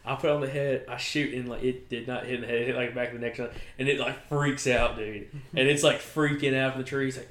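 A young man co-hosting a hunting podcast, telling a story with lively laughter and acted-out voices. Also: medium pitch, a little fast, echoey room. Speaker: podcast co-host. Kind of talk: casual chat.

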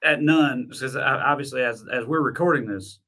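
Male co-host, rambling recap, bright edge. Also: mid-range voice, normal speed. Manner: relaxed, rambling. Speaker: podcast co-host. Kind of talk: casual recap chat.

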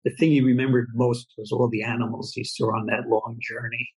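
Soft-spoken husky man. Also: medium pitch, level tone, brisk, low-quality recording. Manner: soft-spoken, earnest, often murmurs "wow". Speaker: cartoonist guest. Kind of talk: conversational interview.

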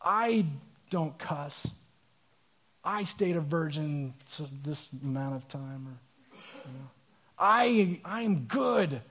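A man's voice: on the high side, animated, slow, long pauses, a bit bright, exaggerated voice. A man voicing a resentful dutiful older brother who complains in an indignant, self-righteous way.

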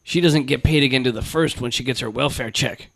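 A man's voice: medium pitch, fairly quick, vocal fry, fairly bright tone, dry recording. Man, casual chat, rambling storyteller, crude humor, dry close sound.

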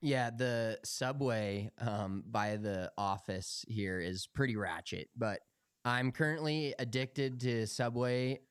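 A man's voice: mid-range voice, slow, clean tone, dry recording, clean studio sound. A young man co-hosting a podcast, telling rambling, profanity-laced stories in casual chat. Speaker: podcast co-host.

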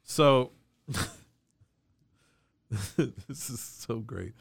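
A man's voice: medium pitch, extremely slow, creaky, slightly rough, dry recording, studio quality. A male co-host in improvised comedy banter, playful and argumentative, laughing often.

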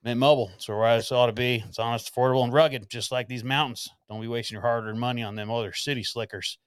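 A man's voice: medium pitch, steady tone, fast talker, smooth, dry recording, natural voice. A man reading an ad as a folksy Appalachian mountain man, in close to his own voice with playful emphasis. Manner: reads the ad text aloud with folksy wording and playful emphasis.

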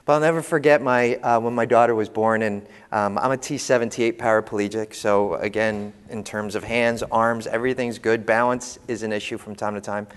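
A man's voice: fairly low pitch, fairly quick, hardly any pauses, clean tone. Man telling jokey stories, hall reverb. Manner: humorous, animated anecdotes. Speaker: panel speaker. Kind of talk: storytelling talk to an audience.

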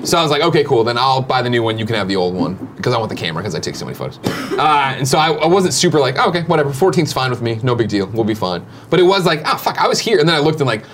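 Male co-host, fast and chatty, slight room noise, rambling casual talk. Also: mid-range voice, very animated, fairly bright tone. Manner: rambling, profane anecdotes. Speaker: morning show co-host. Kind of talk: casual chat.

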